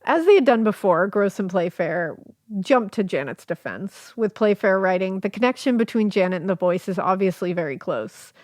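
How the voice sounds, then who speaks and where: A woman's voice: medium pitch, expressive, normal speed, a little mellow, no room sound, studio quality. Chatty woman podcast host. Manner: reads quotes, laughs easily, chatty with fillers. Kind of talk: casual storytelling podcast chat.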